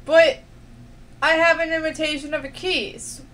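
A woman's voice: high-pitched, fairly even intonation, moderate pace, fairly bright tone, a little hiss or hum. A young woman commentating her own gameplay, talking to herself, swearing and getting frustrated. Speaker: gaming let's play host. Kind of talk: let's play commentary.

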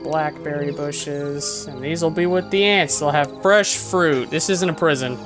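Low-voiced woman swearing at a game. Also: a little slow, music in the background. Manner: swears a lot, yells at the game. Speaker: gaming video creator. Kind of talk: casual gameplay commentary.

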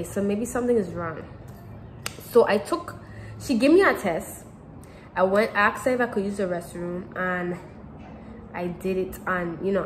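A teenage girl talks casually to camera, circling back and repeating herself with plenty of fillers. Her pitch sits in the middle range, and a faint hum of background noise runs under the recording. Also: rough recording. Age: teens. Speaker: vlogger.

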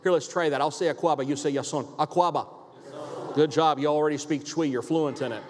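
A pastor preaching a sermon in a church, emphatic and repetitive, asking rhetorical questions. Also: male voice, fairly high pitch, steady tone, fast, darkish tone. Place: church sanctuary. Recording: long hall reverb.

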